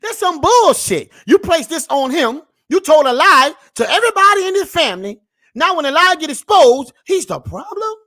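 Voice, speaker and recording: A man hosting comic reaction commentary, preaching at his viewers, swinging from mutters to shouts. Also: very high voice, no echo, studio quality. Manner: preachy, keeps calling out to the people; drawn-out, animated swings between mutter and shout. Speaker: reaction video host.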